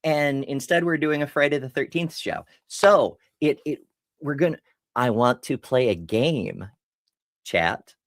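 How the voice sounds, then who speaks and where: A woman's voice: a bass voice, measured pace, no echo, studio quality. A woman hosting a casual live stream, telling a story in a rambling way, often breaking off mid-sentence and laughing.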